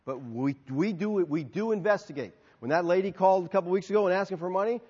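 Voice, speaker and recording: A male pastor answers questions from the pulpit, his pitch rising and falling as he tells stories and plays every part himself. His voice is high and a little husky. It rings out into a big reverberant hall on a dull, muffled recording. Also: quick pace. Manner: animated storytelling, acting out both sides of dialogues. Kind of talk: sermon Q&A.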